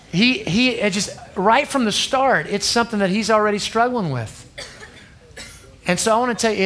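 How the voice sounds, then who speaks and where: A man's voice: sits high, fairly bright tone. Earnest man preaching to youth. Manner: earnest, conversational, often asks the crowd "okay?". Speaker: youth pastor. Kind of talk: sermon to a youth group.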